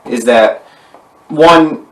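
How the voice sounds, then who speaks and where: A man's voice: on the high side, extremely slow, a bit bright. A male podcast host talking casually, rambling with fillers and restarts. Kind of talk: casual conversation. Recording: roomy, distant mic.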